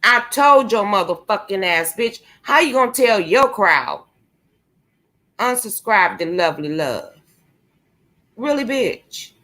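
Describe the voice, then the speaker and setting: A woman's voice: mid-range voice, very animated, takes it slowly, long pauses, sharp tone. A young woman vlogging a confrontational, profane rant, taunting and cursing at someone she calls out. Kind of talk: angry profane rant to camera.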